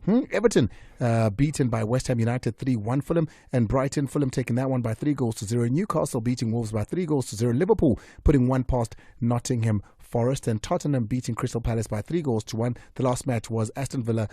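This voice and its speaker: A man's voice: mid-range voice, a little fast, few pauses, warm tone, breathy edge, dry recording, clean studio sound. A man hosting a radio sports show, reading results and chatting with plenty of fillers. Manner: chatty, with frequent fillers and restarts. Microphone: studio microphone.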